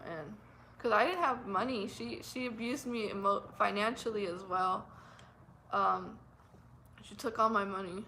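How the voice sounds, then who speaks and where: A young woman telling a painful personal story on her vlog, emotional and halting, repeating herself with nervous laughs. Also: fairly high pitch, gravelly, sharp tone, slight background noise, poor audio. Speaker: vlogger.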